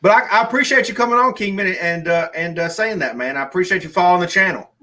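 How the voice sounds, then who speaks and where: Bright-voiced rambling streamer man. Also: high voice, fast talker. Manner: rambling, with frequent restarts and "like". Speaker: streamer hosting a live call-in. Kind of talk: casual live-stream chat.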